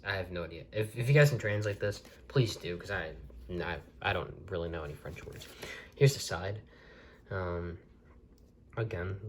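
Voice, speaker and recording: Very deep-voiced man rambling casually. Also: a little hiss or hum. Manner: rambling, many restarts and fillers. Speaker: tape collector reviewing a video. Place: desk in his bedroom.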